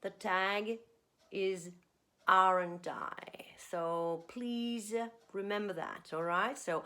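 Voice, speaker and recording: A woman teaching an online English grammar lesson, expressive and playing with intonation, often checking in with "okay?". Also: mid-range voice, takes it slowly.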